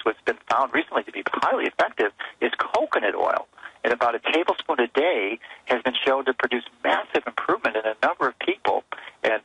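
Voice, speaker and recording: A man's voice: medium pitch, bright, forceful tone, slightly rough, no echo, low-quality recording. A man appearing as a physician guest on a radio show, earnestly explaining health advice with frequent restarts.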